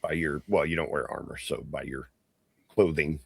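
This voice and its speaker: A man's voice: a bass voice, fairly even intonation, normal speed, creaky, breathy edge, dry recording. A man narrating a tabletop game as game master in a descriptive style, with frequent fillers.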